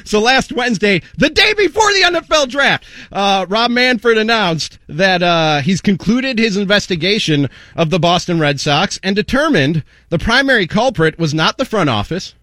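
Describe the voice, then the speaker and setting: A man's voice: high voice, sing-song, moderate pace, hardly any pauses, sharp tone, no room sound, studio quality. A man hosting a sports talk show, angrily and sarcastically ranting at someone who isn't in the room. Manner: angry, sarcastic, repeatedly addressing an absent target. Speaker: sports radio host. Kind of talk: heated sports talk rant.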